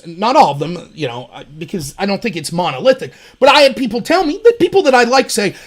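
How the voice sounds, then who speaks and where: A man hosting a political commentary show, talking in an animated and sarcastic way. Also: high-pitched, a little fast. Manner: animated, sarcastic, mimics opponents mockingly. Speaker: host.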